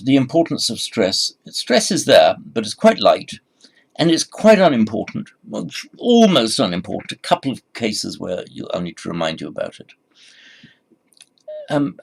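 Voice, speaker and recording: A man teaching a recorded class, speaking in a halting way with frequent repeated words and fillers. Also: medium pitch, big pitch swings, creaky. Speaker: Sanskrit teacher. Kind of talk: recorded lecture.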